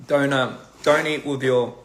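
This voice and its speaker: Bright, forward-toned man hosting a laid-back live stream over dinner, stop-start and playful, faint dish clatter behind. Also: medium pitch, steady tone, a little hiss or hum. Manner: playful, halting, repeats phrases while practicing pronunciation. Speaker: livestream host. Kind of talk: casual live-stream chat while eating.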